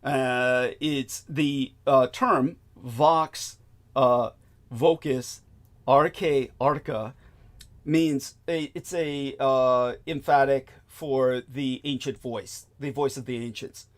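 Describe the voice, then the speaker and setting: A man's voice: mid-range voice, fairly even intonation, slow. A man hosting a casual talk show, lecturing in a rambling, profane way with lots of fillers. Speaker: host.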